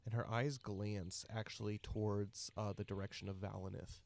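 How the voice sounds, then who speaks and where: A man narrating a tabletop game as game master, in a relaxed way with many fillers. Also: fairly low pitch, normal speed, vocal fry.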